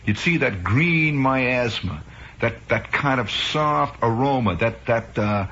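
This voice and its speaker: A man's voice: medium pitch, lively intonation, slow, fairly bright tone, a little hiss or hum. A man in his forties from Chicago, a radio host rambling through a wry, improvised comic monologue. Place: radio studio. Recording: muffled 1960s radio broadcast.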